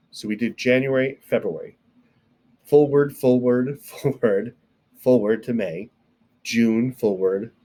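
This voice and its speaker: Recorded alone indoors on camera, a sign language teacher explains things step by step in a casual video lesson. His mid-range voice is a little mellow, and he sprinkles in playful sound effects and asides.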